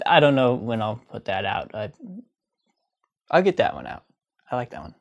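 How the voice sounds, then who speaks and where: A man's voice: mid-range voice, very animated, normal speed, creaky, lo-fi sound. A man talking to camera in a casual comedic monologue, chatty and sarcastic. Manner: chatty, sarcastic, breaks into mocking sung parodies. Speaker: comedy vlogger.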